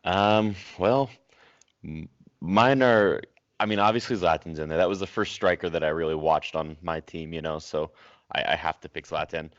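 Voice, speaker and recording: Deep-voiced podcast man. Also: moderate pace, no echo. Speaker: podcast co-host. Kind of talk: casual chat. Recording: dry dull lo-fi audio.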